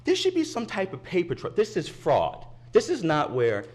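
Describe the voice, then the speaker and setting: A man's voice: high voice, wildly swooping pitch, normal speed, darkish tone. A man giving impassioned public comment at a county commission meeting, indignant and insistent, repeating his points at a podium microphone. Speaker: resident speaking at public comment.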